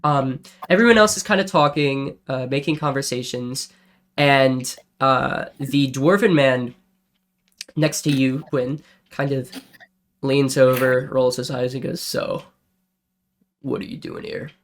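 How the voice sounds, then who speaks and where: A man's voice: medium pitch, measured pace, a little hiss or hum. Casual man running a tabletop game. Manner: casual, describes scenes with fillers. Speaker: game master.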